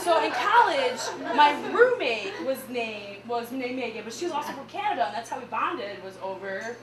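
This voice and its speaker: Midwestern woman comic, young, high and lively, laughy delivery; distant mic in a roomy club. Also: normal speed, some chatter behind, a little hiss or hum. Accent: Midwestern American. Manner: animated, laughing, high squeals on punchlines. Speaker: stand-up comedian. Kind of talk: stand-up comedy set. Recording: echoey room with mic far off.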